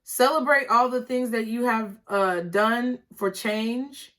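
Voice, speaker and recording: Slow and steady, a woman with a slightly high, fairly bright voice gives her viewers a casual, encouraging tarot reading. She repeats words and keeps checking in with "okay?"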